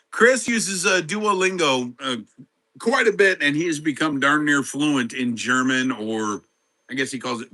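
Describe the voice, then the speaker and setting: Man, middle-aged, live-stream host, slow easy pace, greets viewers by name, chatty. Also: high-pitched, pushed and bright. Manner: chatty, greets viewers by name and answers their chat questions. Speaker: livestream host. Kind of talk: casual live-stream chat.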